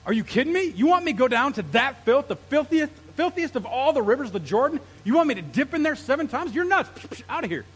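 A man's voice: extremely high pitch, big pitch swings, fast, big-room sound, pitched above the performer's own voice. A man voicing a proud, offended male military commander, speaking in an indignant, scoffing way.

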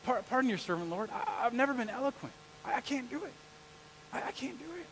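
A man's voice: very high-pitched, very animated, fast talker, slight background noise, voice pushed up, full character voice, poor audio. A man acting out a timid figure who stammers and hesitates as he pleads that he is not up to the task. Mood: pleading.

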